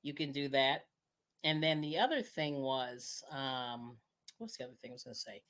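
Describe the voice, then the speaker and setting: A woman's voice: very deep voice, moderate pace, fairly bright tone. A woman hosting a casual live cooking stream, chatting as she works, laughing often and restarting her sentences. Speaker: cooking show host.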